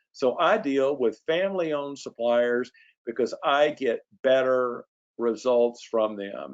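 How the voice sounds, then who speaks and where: A man's voice: on the high side, dull audio. A man hosting a sales webinar, talking in a folksy, chatty way with fillers and restarts. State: coughing. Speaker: webinar host. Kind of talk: casual sales webinar talk.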